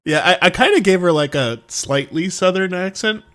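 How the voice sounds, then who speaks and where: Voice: medium pitch, animated, normal speed, a bit bright. A streamer chatting casually during a live game stream, laughing often and poking fun at themself. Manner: laughs often, self-deprecating.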